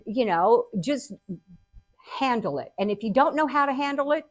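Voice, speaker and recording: An older woman hosting a show, telling personal stories in a casual, animated way. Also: sits high, moderate pace, no room sound. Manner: animated, acts out quotes with laughter. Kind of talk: casual storytelling.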